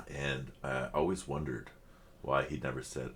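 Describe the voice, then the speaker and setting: A middle-aged man hosting a reaction video, talking in a heartfelt, halting way with many fillers and restarts. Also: a bass voice, a bit bright, a little hiss or hum. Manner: heartfelt, openly emotional. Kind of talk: casual reflective chat.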